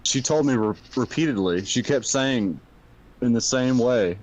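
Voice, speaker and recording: A man chatting casually on a podcast, telling stories with a lot of swearing and halting restarts. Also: medium pitch, a little mellow. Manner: storytelling, profane, hesitant restarts. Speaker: podcast guest. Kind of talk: casual chat. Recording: dull lo-fi audio.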